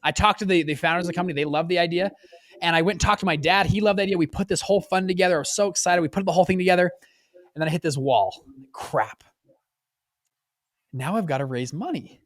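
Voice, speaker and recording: Animated young man telling a story, dry sound. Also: fast, dry recording. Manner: animated storyteller, acts out quotes with big pitch jumps. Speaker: podcast guest, fund manager. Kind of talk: casual storytelling interview.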